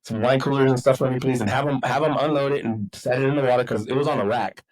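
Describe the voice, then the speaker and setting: A man's voice: medium pitch, fairly even intonation, fast talker, darkish tone, rough recording. A swearing middle-aged man spinning stories. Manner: swears freely, acts out quotes, rambling. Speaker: podcast guest, football coach. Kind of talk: casual storytelling.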